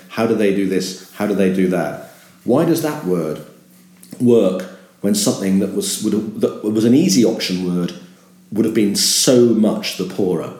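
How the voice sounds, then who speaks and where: Deep-voiced emphatic man. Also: a little mellow, roomy sound. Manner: emphatic, repeats words when starting a thought. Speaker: sports broadcaster. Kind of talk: reflective interview talk.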